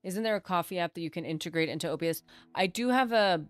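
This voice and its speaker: A woman streamer chats casually while gaming on a livestream, rambling, trailing off, restarting and poking fun at herself. Her voice is lowish and quick, the recording dry, with soft music in the background.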